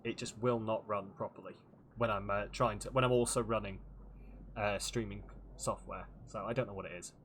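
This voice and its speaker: A man's voice: fairly low pitch, steady tone, moderate pace, a bit bright, slight background noise. A man streaming a game, chatting playfully and laughing often. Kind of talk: casual game-stream chat.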